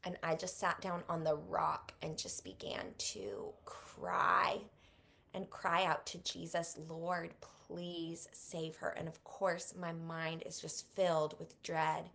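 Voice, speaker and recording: A woman in her thirties, an author talking as a guest on an interview podcast, who retells a personal story vividly, going soft and slow at the moving parts. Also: low voice, steady tone, vocal fry. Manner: vivid retelling, speaks softly and slows at moving moments.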